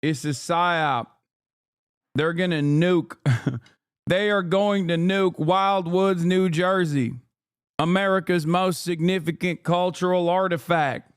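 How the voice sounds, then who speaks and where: Streamer guy in his 30s going off at chat, cussing a lot, smooth clear voice, kinda high. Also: slow pace. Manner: profane, combative rants at chat. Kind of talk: live-stream political commentary.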